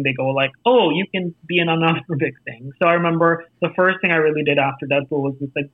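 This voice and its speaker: Lively American man on a tinny line. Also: a little high, no echo. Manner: animated storyteller, acts out quoted voices. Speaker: actor and festival jury guest. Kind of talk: casual interview conversation.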